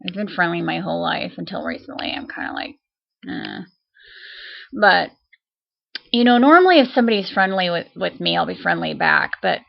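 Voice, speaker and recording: A woman's voice: lowish voice, creaky, lo-fi sound. A woman ranting to her viewers in a casual vlog, chatty and indignant, with many fillers and restarts. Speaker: vlogger.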